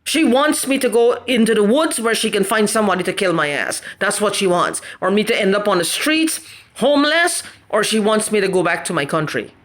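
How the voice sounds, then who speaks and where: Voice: mid-range voice, lively intonation, a little fast, fairly bright tone. A person ranting angrily and repeating themselves into a camera. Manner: angry, rambling, repetitive questioning, swearing. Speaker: vlogger. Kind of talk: agitated personal video rant.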